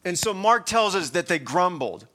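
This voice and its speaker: A man delivers a sermon in a bright, forceful voice that sits a little high for a man. He preaches conversationally, repeating and restarting words, then building to louder, emphatic stretches. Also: big pitch swings, moderate pace. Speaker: pastor.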